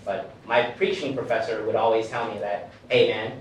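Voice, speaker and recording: A man's voice: on the low side, fairly even intonation, normal speed, a little hiss or hum. Young man preaching in echoey church hall. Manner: casual, self-deprecating preaching with many fillers. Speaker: pastor in training. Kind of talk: sermon. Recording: very echoey hall, distant mic.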